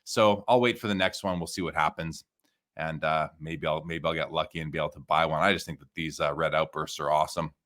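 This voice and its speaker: Reviewing card listings on his podcast, a man talks in a chatty, enthusiastic way and frequently starts over mid-thought. He has an extremely low voice with a slightly bright tone, fairly even intonation and a fairly quick pace.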